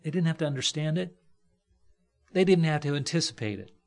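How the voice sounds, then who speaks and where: A man's voice: fairly high pitch, animated, a little fast, creaky. A man preaching a conversational sermon from a church platform, folksy, with joking asides and frequent fillers.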